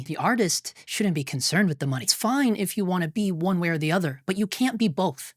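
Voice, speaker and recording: A man's voice: sits high, animated, brisk, few pauses, dry recording, clean studio sound. Blunt, profane male filmmaker commentator. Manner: blunt and profane, rambling with restarts. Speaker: filmmaker and YouTuber. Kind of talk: candid opinion commentary.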